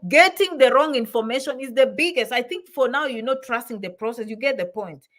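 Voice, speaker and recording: Woman, vlog advice-giver, somewhat high-pitched, emphatic and repetitive, code-switches into Swahili. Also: a bit bright. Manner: emphatic, repeats phrases for stress, mixes in Swahili words. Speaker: immigration advice vlogger. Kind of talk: motivational advice talk.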